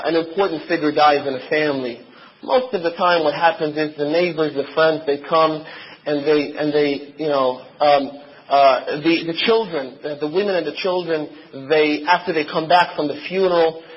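A man's voice: a little high, breathy edge, lo-fi sound. A man preaching a sermon, telling a story with strong emotion and breaking into chanted lament.

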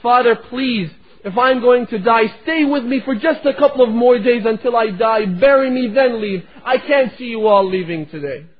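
A man's voice: extremely high pitch, moderate pace, hardly any pauses, pitched above the performer's own voice. A man voicing a sick little girl who tearfully pleads with her father not to leave her. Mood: pleading. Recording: tinny phone-like recording.

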